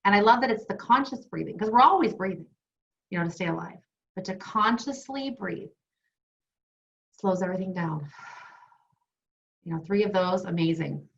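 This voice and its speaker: A woman's voice: mid-range voice, expressive, normal speed, gravelly, long pauses, a little hiss or hum. A woman co-hosting an online wellness webinar, chatty and enthusiastic, sharing personal stories as she teaches. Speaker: wellness program co-host. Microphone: video call. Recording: dull lo-fi video call audio.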